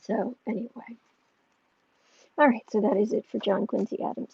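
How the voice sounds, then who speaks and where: Gravelly American woman livestream host. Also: a little high, steady tone, moderate pace, pauses often. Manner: rambling, reads out viewer questions; soft cooing baby talk to her cat. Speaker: astrology and tarot livestream host. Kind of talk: casual livestream chat. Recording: muffled lo-fi mic, dry room.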